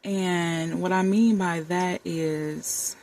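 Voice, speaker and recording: Speaking extremely slowly in a low-leaning, steady, slightly mellow voice, a woman in her thirties vlogs candidly to camera. The talk is heartfelt and conversational, peppered with y'all and baby, and recorded in a warm room with the air conditioner on.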